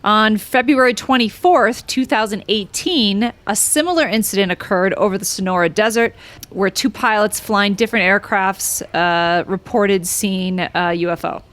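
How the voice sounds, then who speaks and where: Podcast host, woman, casual and rambling, middle pitch, lots of ums. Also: normal speed. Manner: rambling, excitable, many fillers. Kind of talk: casual chat.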